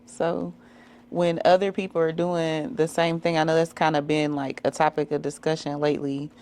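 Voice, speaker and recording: A woman hosting a podcast, asking relaxed, encouraging questions in a casual interview. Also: low-pitched, moderate pace, clean tone. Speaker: podcast host.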